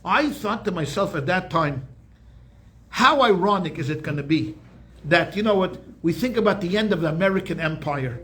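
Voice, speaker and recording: Male rabbi with a high-pitched voice, chatty and joking as he teaches a class. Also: animated, normal speed, bright, forceful tone. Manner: chatty storyteller, keeps asking "okay?"; frequent restarts and repeated words. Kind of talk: weekly Torah class with jokes.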